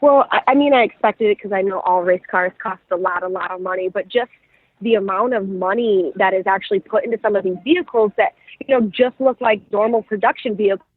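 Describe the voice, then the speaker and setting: A woman's voice: medium pitch, fairly quick, no echo. A woman reporting on rally racing, chatting upbeat and casual as a guest calling in. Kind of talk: casual chat. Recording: tinny phone line.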